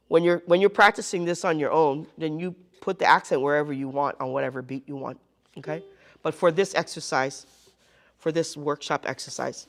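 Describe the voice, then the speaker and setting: A woman teaching a live group ukulele lesson, counting beats aloud and checking in with the class. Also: deep voice. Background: ukulele playing.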